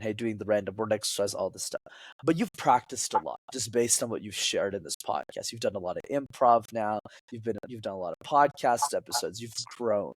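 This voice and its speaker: A man's voice: lowish voice, dry recording. A man who coaches public speaking, talking as a podcast guest and acting out quoted lines in changing voices. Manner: animated, acts out quotes in shifting voices.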